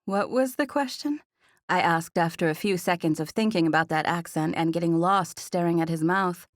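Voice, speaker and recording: A woman narrating a romance audiobook in the first person, with smooth, even storytelling into a close studio mic. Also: lowish voice, brisk, no echo.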